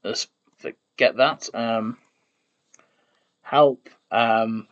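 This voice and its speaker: Speaking extremely slowly with fairly even intonation, a medium-pitched man streams from his desk as he builds a made-up language. He thinks aloud, mutters, trails off and corrects himself while keyboard typing continues behind him. The sound quality is lo-fi.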